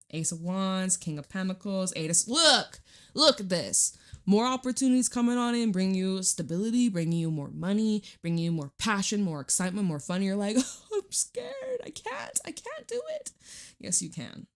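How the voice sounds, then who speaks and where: A tarot reader with a lowish voice gives a casual reading to camera at a normal pace. She's chatty and reassuring, swears casually, and hops from one thought to the next.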